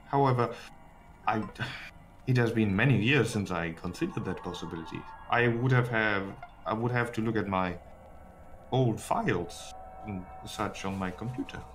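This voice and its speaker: A man voicing a calculating woman prisoner who speaks in a measured, cautious way. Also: lowish voice, faint music behind, lightly acted. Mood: guarded. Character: guarded calculating woman captive.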